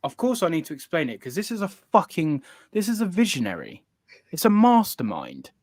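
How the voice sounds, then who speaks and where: A man's voice: on the high side, huge pitch swings, fairly quick, a little mellow, no room sound, studio quality. A man co-hosting a casual podcast chat, boastful and playfully indignant, swearing a lot. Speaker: podcast co-host.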